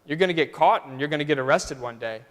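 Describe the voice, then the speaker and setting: A man's voice: a little high, fast talker, lightly acted. A man voicing an earnest young male teacher who keeps pressing a student with questions, in a sermon story. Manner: probing, earnest. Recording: long church reverb.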